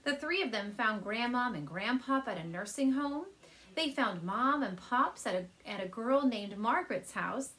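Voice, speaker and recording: A woman reads a storybook aloud to children with a lively, swooping voice. She sits comfy on her couch at home and talks gently to the kids between pages. Her voice sits a touch high. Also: normal speed. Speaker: teacher reading aloud.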